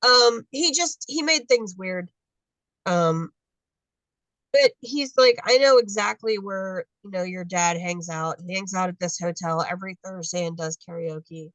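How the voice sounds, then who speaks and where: A woman's voice: lowish voice, unhurried, no room sound, low-quality recording. A woman in her fifties telling her story casually on a video call, acting out the dialogue of people she met. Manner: animated, acts out dialogue in quotes. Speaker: guest adoptee.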